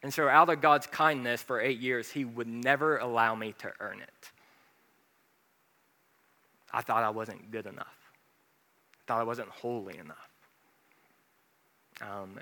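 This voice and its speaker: A man preaching in a relaxed, chatty way, filling gaps with ums and uhs as he tells his own story. His voice is bright and ringing. It carries through a hall with a long echo. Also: medium pitch, a little slow, pauses often. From American South. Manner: casual, conversational preaching with many fillers. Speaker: pastor. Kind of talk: sermon with personal story.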